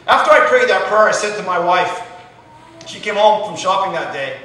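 A man's voice: high voice, expressive, moderate pace, bright, forceful tone. A man in his sixties, a pastor telling stories in a sermon and calling "Amen?" to the congregation. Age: 60s. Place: large echoing convention hall. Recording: echoey hall from far off.

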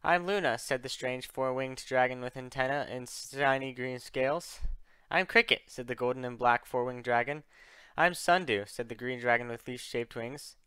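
A man's voice: medium pitch, completely flat delivery, normal speed, hardly any pauses, a bit bright, smooth, no room sound. A young man reading a dragon fan story aloud, narrating and raising his voice for each character's lines. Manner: reads all characters, voices raised for dialogue.

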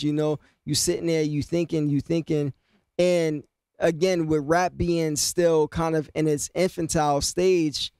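A man's voice: on the high side, darkish tone, clear, resonant tone, no echo. A man casually explaining rap lyrics, half-rapping the lines and then talking them through with lots of "you know what I mean.". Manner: loose, conversational, many fillers like "you know what I mean".

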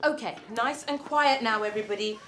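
A woman playing a primary school teacher, speaking in a gentle, coaxing classroom tone in a children's series. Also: fairly high pitch, fairly quick, slight background noise, natural voice. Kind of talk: children's live-action series.

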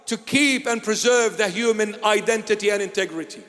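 A man from Iraq, a bishop giving an emphatic, deliberate sermon-style address that rises at times to shouting. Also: high-pitched, big-room sound.

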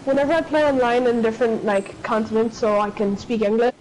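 An Irish woman streaming a game, chatting casually with a teammate, loud and swearing as she calls out to him. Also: a little high, fairly quick, a little hiss or hum, low-quality recording. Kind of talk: casual gaming chat. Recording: music playing behind voice.

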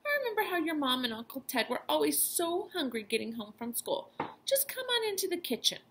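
A fretful old grandma who frets aloud, her voice jumping high with worry and a gravelly edge under it, as a woman reads her out. She sounds tired but caring, with lots of rise and fall, in a storybook reading. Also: sing-song, fairly quick, fairly bright tone, a little hiss or hum, heavily acted. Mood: anxious. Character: worried, tired elderly grandmother.

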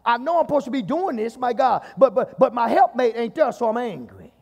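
A man's voice: very high-pitched, animated, brisk, creaky, a little mellow, big-room sound. A man with a Southern US accent preaching a sermon as pastor in a church, repeating "my God" and calling on the congregation. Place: church sanctuary.

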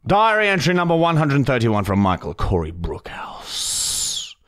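A man's voice: a little high, big pitch swings, brisk. A young Australian man, a podcast co-host, bantering crudely and swearing heavily in casual chat.

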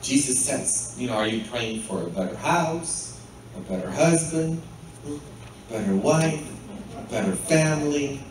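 Male pastor, slow-paced sermon, heard from a distance in a very reverberant church. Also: medium pitch, animated, slight background noise. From Poland. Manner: asks the congregation frequent rhetorical "hmm?" questions. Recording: very echoey church, mic far off.

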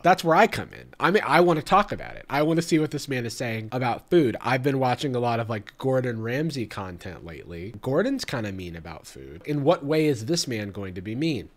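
A man's voice: lowish voice, sing-song, normal speed. A young man hosting a comedic reaction commentary, sarcastic and laughing often. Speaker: YouTube host.

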